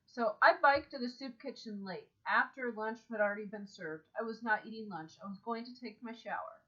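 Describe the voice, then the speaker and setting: A woman telling a story in a casual vlog, speaking calmly and matter-of-factly with frequent pauses. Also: a little high. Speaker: vlogger. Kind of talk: casual first-person vlog monologue. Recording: dull lo-fi sound.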